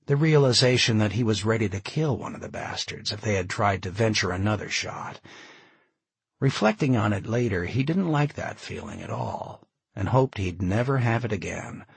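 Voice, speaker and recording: Male audiobook narrator, low husky voice, lively intonation. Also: dry recording. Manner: expressive, measured storytelling.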